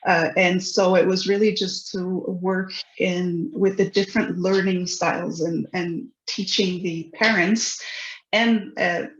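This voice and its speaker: Education founder guest, mid pitch, earnest, lots of restarts, echoey lo-fi audio. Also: fairly bright tone. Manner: earnest explaining, many fillers and restarts. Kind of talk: conversational interview. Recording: roomy, dull lo-fi sound.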